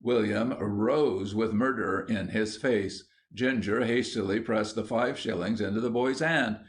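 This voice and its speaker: A man reading a children's audiobook aloud in a steady, measured narration. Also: on the low side. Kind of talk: scripted storybook narration.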